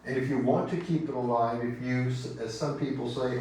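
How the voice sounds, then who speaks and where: A man with a Texan accent preaching a sermon as pastor, speaking gently and reflectively with long pauses. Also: medium pitch, steady tone, slight background noise. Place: church sanctuary. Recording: echoey church sanctuary, distant mic.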